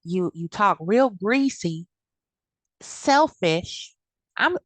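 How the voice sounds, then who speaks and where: A woman's voice: on the low side, unhurried, a bit bright, dry recording. A woman giving blunt, heated commentary in a casual vlog, cursing freely. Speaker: commentary vlogger.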